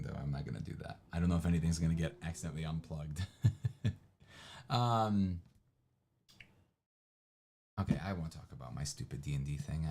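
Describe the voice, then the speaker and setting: A man with a very low, deep voice chats on a casual livestream. He rambles and pokes fun at himself, often trailing off mid-thought. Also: gravelly, darkish tone, a little hiss or hum. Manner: rambling, self-deprecating, trails off with fillers. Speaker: livestream co-host. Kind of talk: casual chat.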